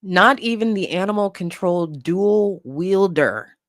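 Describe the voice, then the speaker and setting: Lively, casual storytelling stream host. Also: medium pitch, slow, dry recording, studio quality. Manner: lively, swearing, laughing storyteller. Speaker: livestream host.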